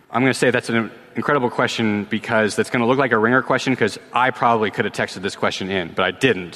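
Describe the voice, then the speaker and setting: A man, a pastor in his thirties, preaching and answering questions in a relaxed, conversational way, often repeating a word as he starts a sentence. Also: fairly low pitch. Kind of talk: sermon with Q&A. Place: church sanctuary. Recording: long reverb of a church hall.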